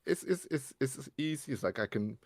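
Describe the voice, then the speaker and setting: A man's voice: mid-range voice, lively intonation, moderate pace, a little mellow, dry recording. A man co-hosting a gaming podcast, chatting casually and hesitantly, often repeating himself. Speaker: podcast co-host. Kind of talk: casual chat.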